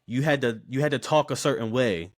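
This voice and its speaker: A man, telling stories as a podcast guest in a loose, slangy, animated way. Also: medium pitch, brisk. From Baltimore, USA. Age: 20s. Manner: animated, slangy, repeats words when starting sentences. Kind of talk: casual interview storytelling.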